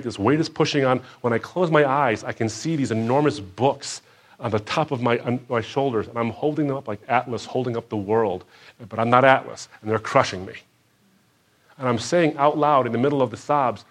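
Animated man telling a personal story. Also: moderate pace. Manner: animated storyteller, jumps higher and louder when acting out what people said; drops low and quiet on emotional moments. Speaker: speaker sharing his personal faith story. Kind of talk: personal storytelling testimony to a live audience.

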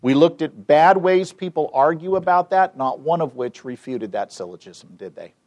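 A man giving a live training seminar, telling an anecdote to an audience in an animated, emphatic way. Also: fairly high pitch, moderate pace. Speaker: seminar speaker. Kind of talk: live training talk with storytelling.

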